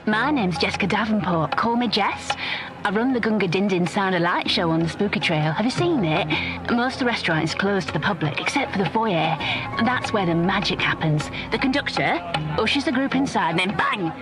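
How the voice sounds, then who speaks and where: Woman doing a showy chatty stage performer, over-the-top storytelling, loud music under her. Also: medium pitch, expressive, brisk, close to an everyday voice. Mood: theatrical. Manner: dramatic, breathless storytelling, acts out sound effects. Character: theatrical chatty female show performer.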